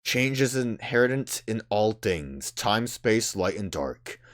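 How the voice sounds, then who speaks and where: A man voicing a solemn ancient male spirit who grants final wishes, speaking slowly and gravely. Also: fairly low pitch, very animated. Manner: slow, grave, pronouncing.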